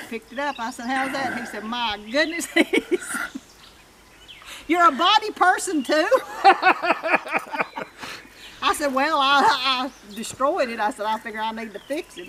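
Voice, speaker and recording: A woman's voice: sits high, background noise. An older woman, telling plainspoken stories about her work at a sawmill. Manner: folksy, plainspoken. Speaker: loader operator at sawmill. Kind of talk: casual storytelling.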